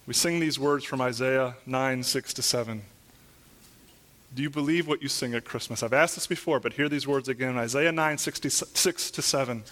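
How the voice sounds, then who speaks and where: A man preaching a sermon as pastor in a church, asking earnest rhetorical questions and building to loud, emphatic peaks over scripture. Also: medium pitch, moderate pace.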